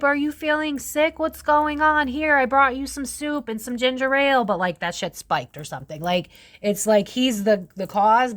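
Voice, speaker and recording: Tarot-reading woman, lowish voice, loose and profane, laughs a lot. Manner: profane, rambling, laughs often. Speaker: psychic tarot reader. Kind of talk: casual tarot reading monologue.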